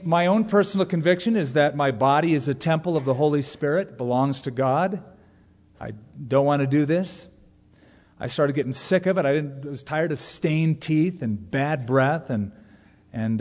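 A man in his forties preaching a sermon to a congregation, joking and animated, leaning hard into emphasis. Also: fairly high pitch, normal speed. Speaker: pastor. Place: large church sanctuary. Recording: long reverb of a large church hall.

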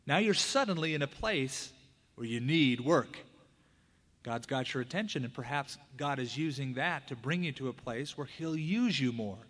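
Male pastor preaching, goes from loud punchy bits down to near-whispers, slightly high voice, long hall echo. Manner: conversational preaching, acting out quoted prayers and dialogue; big swings from loud emphatic peaks to hushed low asides. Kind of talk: sermon. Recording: hall reverb.

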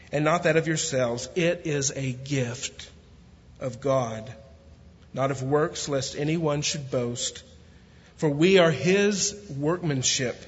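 Steady scripture reading from a guest pastor in a big church gives way to relaxed humor and preaching of rising fervor. His somewhat high male voice carries a self-described country way of talking, and each phrase fades into long hall reverb on a slightly dull recording.

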